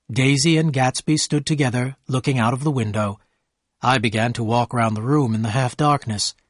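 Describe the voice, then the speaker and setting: Male narrator, clear and measured, slow learner-friendly storytelling, mid pitch, dry read. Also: no echo.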